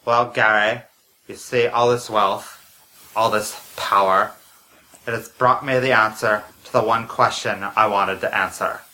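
A man voicing a secretive masked man of power, speaking slowly and solemnly in a comedy audio drama. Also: lowish voice, fairly even intonation, bright, forceful tone, pitched below the performer's own voice, poor audio.

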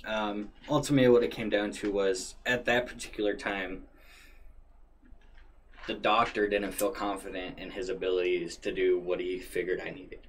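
Low-pitched guy telling a wild story, swears constantly, faint hiss behind. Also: normal speed. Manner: profane, animated retelling with frequent swearing. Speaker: storyteller guest. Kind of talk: casual storytelling.

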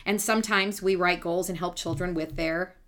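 A woman's voice: on the low side, fairly even intonation, moderate pace, a bit bright. Teacherly woman in easy podcast chat. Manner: patient, teacherly, playful. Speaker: podcast co-host and speech-language pathologist. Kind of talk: casual explanatory chat.

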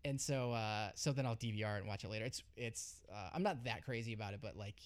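A man's voice: fairly low pitch, fast. A man hosting a podcast in casual chat, telling stories about himself in a chatty, self-deprecating way. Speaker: podcast host.

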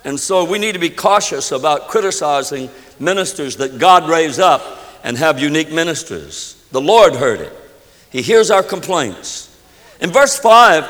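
A male pastor delivers an emphatic sermon in a church sanctuary. His pitch swings widely as he preaches and leads the congregation in prayer. His voice sits a little high for a man and trails off into the long reverb of a large hall. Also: big pitch swings, measured pace, a bit bright.

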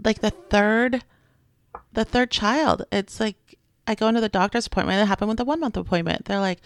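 Chatty woman with gravelly morning voice. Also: medium pitch, a little fast, no room sound. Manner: chatty storyteller, laughs often. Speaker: podcast co-host. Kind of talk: casual chat.

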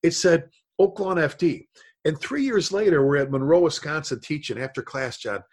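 A man's voice: fairly high pitch, expressive, normal speed. A middle-aged man, a firefighter and instructor, telling a story in casual chat, acting out voices and saw noises.

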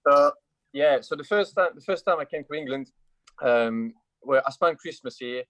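A man's voice: a little high, expressive, moderate pace, fairly bright tone, dry recording. A man from France with a French accent, a guest telling stories in casual chat, hesitant with many fillers and restarts. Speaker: guest, motorcycle racer.

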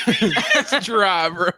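A man's voice: sits high, animated, extremely slow, pushed and bright, no room sound, studio quality. A man hosting a casual livestream chat show, laughing often and rambling with fillers. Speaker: podcast host.

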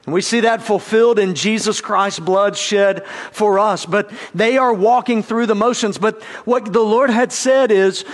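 A man's voice: high-pitched, steady tone, unhurried, few pauses. A male pastor preaching a sermon in an earnest style, lifting his voice when he acts out quoted speakers.

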